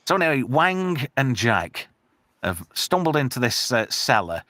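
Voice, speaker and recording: A man hosting a casual movie podcast, lively and quick to laugh. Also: mid-range voice, no room sound, studio quality. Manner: animated, laughs often, does mock voices of characters. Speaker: podcast host.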